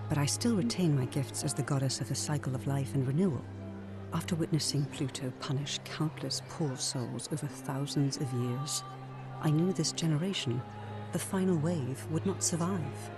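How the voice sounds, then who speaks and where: A woman voicing a gracious former goddess in a video game, speaking in a measured, formal way with a mysterious softness. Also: low-pitched. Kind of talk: game voice acting. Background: game music.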